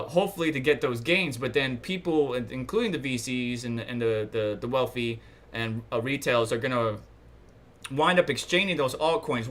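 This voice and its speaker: A man's voice: mid-range voice, fairly bright tone. A man from New York hosting a casual livestream, rambling and thinking aloud while he browses charts and checks chat. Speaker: livestream host.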